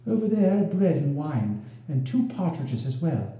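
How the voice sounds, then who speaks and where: A man's voice: fairly high pitch, very animated, measured pace, mellow, lo-fi sound. A man voicing a noble young duchess who pleads and reproaches, in a storybook reading with a roomy echo. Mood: reproachful.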